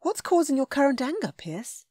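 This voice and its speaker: A woman voicing a witty, affectionate young lady in an audiobook, speaking higher and playfully. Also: sing-song, normal speed, darkish tone, no echo, clean studio sound.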